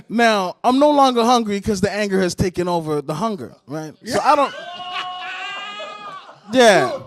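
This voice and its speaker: High-voiced male comedian telling a story. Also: a little slow, long pauses, background noise. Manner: animated, profane, conversational storytelling. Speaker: comedian guest. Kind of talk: storytelling on a talk show. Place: studio.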